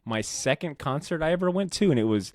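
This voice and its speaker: Chatty, swearing comics fan, dry sound. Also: male voice, on the high side, fast, no echo. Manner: rambling, animated, swears casually, lots of fillers. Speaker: podcast co-host. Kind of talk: casual chat about comics.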